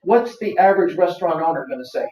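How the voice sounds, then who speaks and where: A man's voice: on the high side, animated, quick pace, warm tone. A man presenting a live seminar workshop, quizzing the audience and repeating his points to drive them home. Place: office seminar room. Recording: roomy, distant, dull lo-fi.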